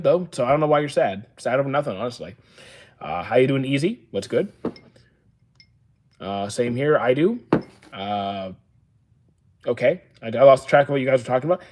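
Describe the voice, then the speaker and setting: A man in his thirties, streaming from a room full of stored action figures. He reads chat comments aloud and answers them at a mid pitch, offhand and deadpan, with plenty of "uh" and short dry comebacks. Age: 30s. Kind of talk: casual livestream chat, reading and answering viewer comments. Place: indoor room used for storing action figures.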